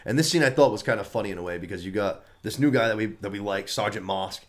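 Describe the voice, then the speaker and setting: A man's voice: lowish voice, fast. A man co-hosting a podcast, chatting casually about a series, swearing and acting out characters' lines. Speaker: podcast co-host. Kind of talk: casual review chat.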